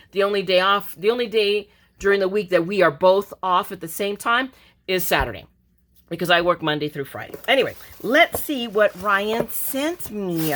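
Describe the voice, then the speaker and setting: A woman's voice: lowish voice, a bit bright. A middle-aged woman chatting casually as a crafting vlogger, gushing and emotional as she opens her mail. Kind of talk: casual chat.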